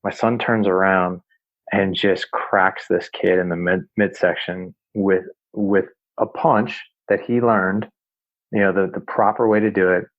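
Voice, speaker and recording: A man's voice: deep voice, fairly even intonation, measured pace, dry recording, muffled recording. A middle-aged man, a podcast host, telling a personal story in a loose, chatty way with plenty of fillers. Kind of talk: casual storytelling.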